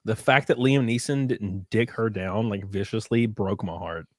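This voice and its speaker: A tipsy man co-hosting a podcast, chatting crudely and animatedly, often laughing and breaking into high mocking voices. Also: moderate pace, dry recording, studio quality. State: a little drunk. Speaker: podcast co-host. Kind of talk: casual crude banter.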